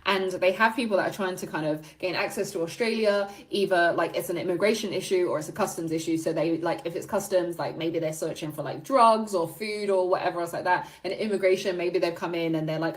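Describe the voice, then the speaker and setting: A woman's voice: fairly low pitch, brisk, hardly any pauses. A woman chatting casually, laughing and acting out little scenes as she tells a story. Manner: chatty, laughing, animated retellings. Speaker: commentator.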